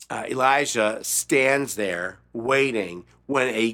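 A man preaching a sermon, dropping to a near-whisper and then rising to an urgent raised voice, slowing and repeating key phrases. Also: mid-range voice, sharp tone. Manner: repeats words and restarts, stresses key phrases slowly. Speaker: pastor.

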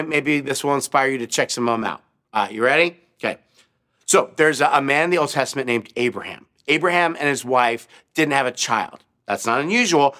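A man preaching a sermon, telling short stories in an animated way and asking his listeners questions as he goes. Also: medium pitch. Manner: animated, asks the audience questions, acts out crowd voices. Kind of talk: children's sermon storytelling.

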